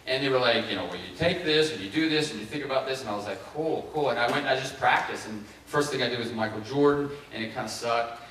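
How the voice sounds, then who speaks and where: A middle-aged man from Ohio giving a keynote talk, telling his story with lively acted-out quotes. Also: mid-range voice, quick pace, a little hiss or hum. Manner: animated, acts out quoted voices. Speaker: keynote speaker. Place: large conference hall. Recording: echoey hall, heard from far off.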